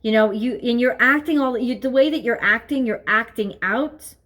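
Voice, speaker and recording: A woman's voice: a little high, normal speed, a bit bright. A woman giving a tarot reading at home, talking earnestly and repeating herself as she thinks aloud. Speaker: tarot reader. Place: home, seated at desk with her dog nearby.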